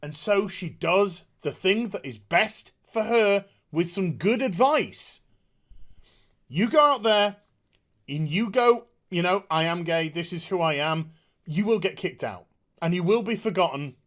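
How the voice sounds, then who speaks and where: A video reviewer ranting through a TV episode review, sarcastic and profane, exasperated, sometimes shouting and mocking characters in put-on voices. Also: mid-range voice, animated, a little slow. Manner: shouts at times.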